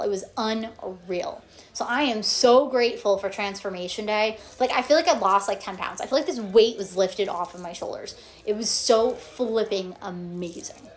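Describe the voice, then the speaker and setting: Animated woman telling a personal story. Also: fairly high pitch. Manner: animated, acts out quotes, frequent "okay?" and "like". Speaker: vlogger.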